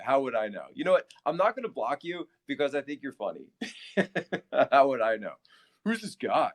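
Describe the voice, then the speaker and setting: A man from Philadelphia hosting a casual livestream, answering his chat, laughing often and repeating himself. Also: mid-range voice. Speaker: livestream host.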